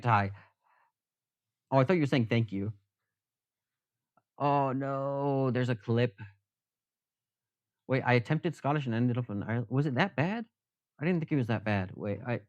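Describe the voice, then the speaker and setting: A man's voice: medium pitch, no echo, dull audio. A man casually chatting with viewers on a live stream, rambling and self-deprecating.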